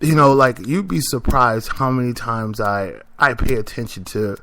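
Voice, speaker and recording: A man's voice: mid-range voice, moderate pace, a bit bright, no room sound. Male podcast host, casual storytelling, emphatic, repeats himself for effect, dry sound.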